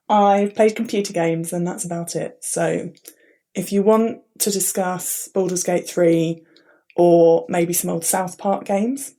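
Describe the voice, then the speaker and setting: A woman's voice: lowish voice, mellow. A woman joining a tabletop game as a guest player, joking about herself in casual chat. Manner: playful, self-mocking.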